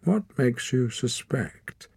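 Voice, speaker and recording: A man voicing a calm, firm male clan leader in a storybook. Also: medium pitch, slow pace, creaky, husky, no room sound, voice pushed up, full character voice. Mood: stern.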